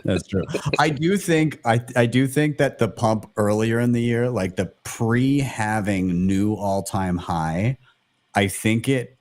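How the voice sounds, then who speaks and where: A man's voice: fairly low pitch, slow, a little mellow, no room sound. A man hosting a casual live panel chat, joking and laughing often between questions. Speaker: host of a live audio stream.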